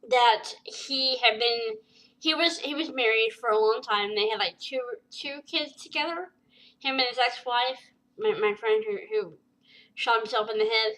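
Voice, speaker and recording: A woman with a bright, fairly high voice tells a personal story straight to camera. She speaks haltingly, full of fillers and restarts, and her emotion shows through. It is a vlog in her own voice. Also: poor audio. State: tearful at times. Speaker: vlogger.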